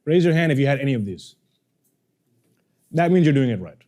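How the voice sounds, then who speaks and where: A communication coach leads a workshop lesson on how to speak, his mid-range voice moving a little fast. He is animated and acts out the people he quotes.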